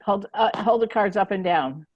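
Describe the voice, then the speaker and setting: A woman's voice: medium pitch, normal speed, dull audio. A chatty woman who laughs a lot, co-leading a casual group session.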